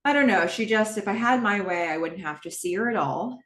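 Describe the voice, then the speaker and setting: A woman's voice: medium pitch, lively intonation, a little fast, fairly bright tone, reverberant. A woman hosting a podcast, recapping a TV episode in casual talk, chatty with exasperated asides and lots of fillers. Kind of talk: casual solo recap, reading out scenes.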